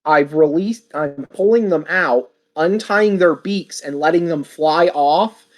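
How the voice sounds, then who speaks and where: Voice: medium pitch, slow. A player in a tabletop game who describes their actions plainly, with a few hesitations.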